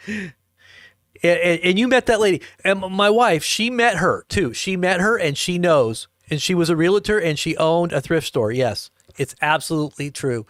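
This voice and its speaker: A man with a slightly high voice tells a long, rambling story and chats with his viewers live. He often repeats and restarts himself and laughs between lines. The sound is close and dry. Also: animated, moderate pace, no room sound. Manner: rambling, chuckling, addresses viewers directly. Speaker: livestream host. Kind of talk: casual storytelling to a live chat.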